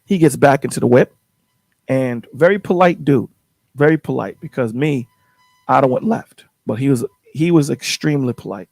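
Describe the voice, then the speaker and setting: Gravelly-voiced man telling a story. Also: mid-range voice, moderate pace, a little mellow, no echo. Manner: rambling, repeats words while telling a story. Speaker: call-in show host. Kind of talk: casual storytelling chat.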